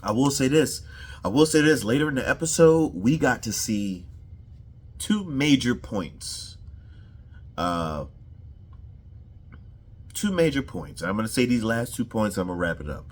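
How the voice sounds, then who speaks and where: A man giving a casual, animated, profane reaction to a show episode and often repeating himself. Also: medium pitch, measured pace, long pauses. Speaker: show reviewer.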